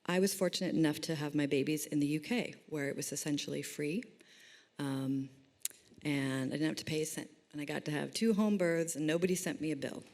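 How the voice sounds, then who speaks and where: A middle-aged woman speaking as a doula at a panel discussion. Her voice sits low, and she talks with emphatic, animated storytelling. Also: brisk.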